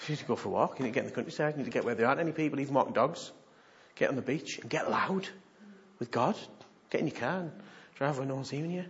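A man preaching a sermon, animated and humorous, moving from hushed asides to loud exhortation. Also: medium pitch, fast talker, lo-fi sound, slight background noise.

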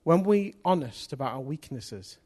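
High-voiced preacher man, swinging from hush to shouting. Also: normal speed, husky. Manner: swings from hushed to excited shouting; lively storyteller with local place names and slang. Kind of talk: sermon with storytelling.

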